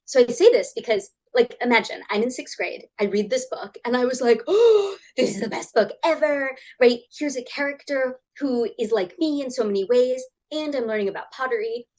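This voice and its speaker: Animated woman author, lively storytelling. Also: fairly quick, few pauses, rough recording. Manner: animated, acts out quoted voices with big pitch jumps. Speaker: guest author. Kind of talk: casual interview chat.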